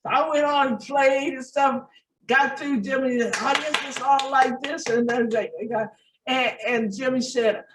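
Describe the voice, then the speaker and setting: A fairly high-voiced woman from North Omaha, Nebraska, tells stories to an interviewer with animated energy. She slips into other people's voices as she recounts them. The sound is echoey and set back from the mic. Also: a little slow, background noise. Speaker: guest musician. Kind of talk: casual storytelling interview. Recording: echoey, distant room sound.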